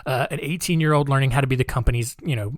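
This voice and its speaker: A man hosts a podcast and tells a true-crime story in a loose, conversational way, full of "um" and "you know." His voice sits at an average pitch, and he drops in wry sarcastic asides. The recording is dry and close. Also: racing, dry recording. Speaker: podcast host.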